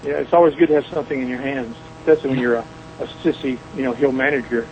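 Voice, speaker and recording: A man's voice: medium pitch, rapid-fire, a little mellow, highs cut off, slight background noise. A middle-aged man from Alabama with a Southern US accent, a guest telling boisterous, folksy stories in a phone interview. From Mobile, Alabama, US. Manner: joking, boisterous, folksy storyteller.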